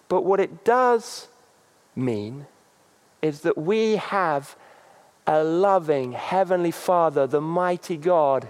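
A man preaching a sermon as a pastor, halting, with many fillers. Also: fairly high pitch, darkish tone. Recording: long reverb.

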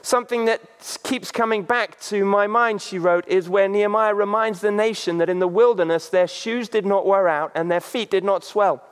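A man preaching a sermon as a pastor, halting, with many fillers. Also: high voice, smooth. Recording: long reverb.

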